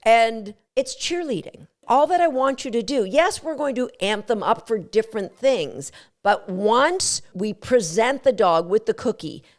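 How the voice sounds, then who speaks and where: Animated woman teaching dog training. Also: fairly high pitch, a little slow. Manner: animated, emphatic, acts out quotes. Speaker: dog trainer and podcast host. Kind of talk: instructional podcast talk.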